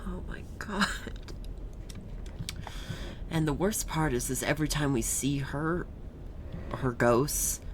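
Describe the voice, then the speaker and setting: A man doing let's play commentary, emotional, dropping to hushed whispers and rising to loud cheers. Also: medium pitch, background noise. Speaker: game streamer.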